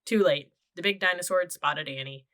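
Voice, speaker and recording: A woman reading a children's chapter book aloud. Her voice sits a little low, with a bright, forward tone, and she tells the story in a steady, clear way. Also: brisk. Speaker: audiobook narrator. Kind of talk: children's audiobook narration.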